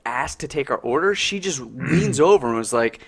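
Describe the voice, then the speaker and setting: A man's voice: mid-range voice, animated, normal speed, breathy edge. A young man on a casual podcast, telling rambling stories full of filler words and acted-out quotes. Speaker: podcast co-host. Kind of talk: casual chat.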